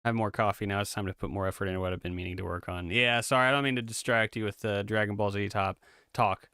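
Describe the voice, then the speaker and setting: A man's voice: fairly low pitch, steady tone, fast, bright, forceful tone, clear, resonant tone, no room sound, studio quality. A man chatting casually on a stream while composing, rambling and drifting off mid-thought, wired on coffee yet tired. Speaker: game composer streaming his work.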